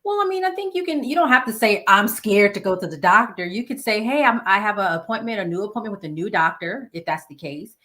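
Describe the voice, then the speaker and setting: A woman's voice: medium pitch, animated, fast talker, few pauses, bright, forceful tone. Female guest, mid-range voice, conversational and reassuring. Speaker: guest, public health advocate. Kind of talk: casual interview talk.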